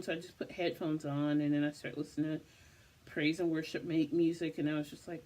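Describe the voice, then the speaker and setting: A woman's voice: deep voice, steady tone, normal speed. A tired woman vlogging casually, rambling through the story of her day and repeating "I was just like" as she retells it. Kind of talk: casual personal vlog.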